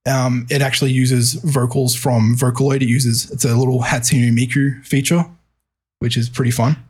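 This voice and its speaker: A man's voice: mid-range voice, flat delivery, normal speed, darkish tone, slightly rough. A man, a music producer, chatting casually on a podcast with a hesitant manner, repeating words and using many fillers.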